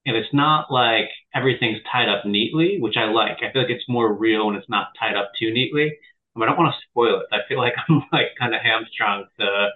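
A man hosts a podcast in a loose, upbeat, joking way. His voice sits low. The sound is narrow and tinny, as if through a phone call. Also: a little fast. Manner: relaxed, enthusiastic and joking. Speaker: podcast host. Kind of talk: casual podcast chat.

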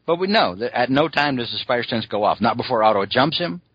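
A man's voice: medium pitch, expressive, quick pace, husky, dry recording, muffled recording. A man co-hosting a podcast, chatting casually and rambling, with lots of "you know" asides. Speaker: podcast co-host. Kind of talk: casual chat.

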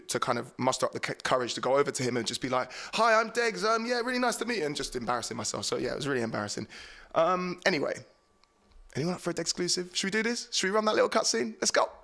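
A man hosting a drum and bass podcast, chatting casually and excitedly between tracks, joking and tripping over his words. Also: fast. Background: drum and bass music playing.

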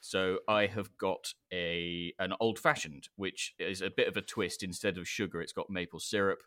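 A man's voice: low voice, fairly even intonation, moderate pace, sharp tone. A man co-hosting a podcast, chatting casually and explaining things at length with plenty of fillers. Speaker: podcast co-host.

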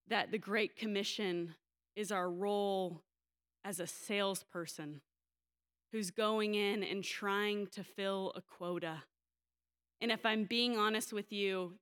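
A woman's voice: medium pitch, a bit bright, clear, resonant tone. A young adult woman pastor preaching a sermon in a candid, storytelling way, livening up when she quotes others.

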